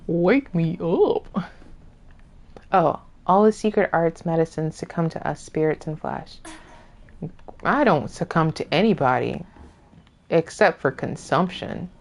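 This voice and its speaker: A woman's voice: sits low, measured pace. A woman streamer giving casual let's-play commentary, jokingly scolding the enemies and characters on screen. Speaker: gaming streamer.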